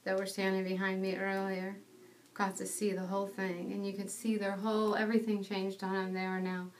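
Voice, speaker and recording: A woman's voice: medium pitch, completely flat delivery, fairly quick, far from the mic, slight background noise. A young woman giving a personal testimony, telling the story in an earnest, self-deprecating way.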